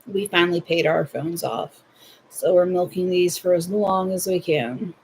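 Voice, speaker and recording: A woman's voice: on the low side, unhurried, a little hiss or hum. A young Southern woman hosting a livestream, chatting playfully with viewers while she crochets at home. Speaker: livestream host. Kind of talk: casual chat while crocheting.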